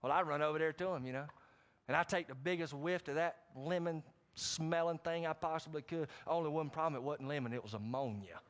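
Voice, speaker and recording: A middle-aged man preaching a sermon, animated, with sudden loud rises and frequent asides to the congregation. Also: fairly high pitch, a little fast. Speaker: pastor.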